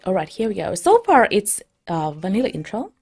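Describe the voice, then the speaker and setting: A woman hosting a let's play, chatting in a bubbly, excitable way as she starts a new game. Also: mid-range voice, a little fast, husky. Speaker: let's play streamer and host. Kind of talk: casual gameplay commentary.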